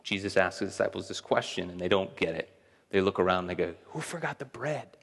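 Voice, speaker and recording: A man's voice: deep voice, little pitch movement, quick pace, vocal fry, a bit bright. A man preaching a sermon as pastor, conversational and asking his audience questions. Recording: long reverb of a large hall.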